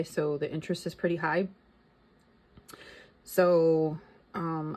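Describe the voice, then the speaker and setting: Lower-voiced middle-aged woman chatting. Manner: chatty, thinks aloud, reads out figures. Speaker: vlogger. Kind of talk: casual chat.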